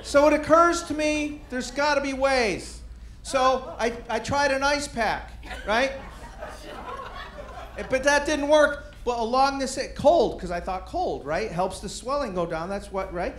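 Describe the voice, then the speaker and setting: A man doing stand-up comedy, telling a self-mocking story in an animated way and acting out bits of dialogue. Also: very high-pitched, measured pace, roomy sound.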